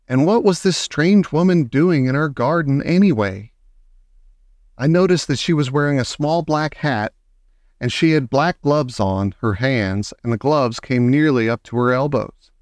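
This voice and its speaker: A man narrates a children's novel in a measured, dramatic storytelling manner. His voice is smooth and resonant at a middle pitch. The recording is close and dry, with no room sound. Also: darkish tone, no echo. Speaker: audiobook reader. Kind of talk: scripted narration.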